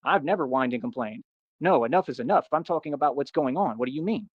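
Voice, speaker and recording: A man's voice: medium pitch, lively intonation, fast, breathy edge, no room sound, phone-quality sound. A man livestreaming and answering his chat in a boastful, combative rant. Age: adult. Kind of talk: ranting live stream.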